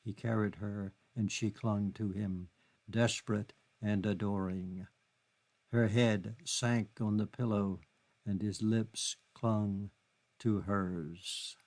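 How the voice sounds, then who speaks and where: A man narrating a literary novel in a measured, steady reading. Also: fairly low pitch. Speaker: audiobook narrator.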